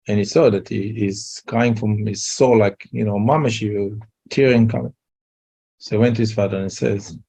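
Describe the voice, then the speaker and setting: Low, mellow man with a laced way of talking. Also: fairly even intonation, creaky, breathy edge. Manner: halting, repeats words, Yiddish-laced English. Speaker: rabbi giving a talk. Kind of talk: casual Torah talk, storytelling.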